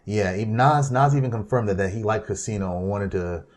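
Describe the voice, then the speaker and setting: Lowish guy, film columnist guest, rattles off movie trivia matter of fact. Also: fairly even intonation, brisk. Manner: knowledgeable, matter-of-fact, quotes movie lines. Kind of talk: casual film-music review chat.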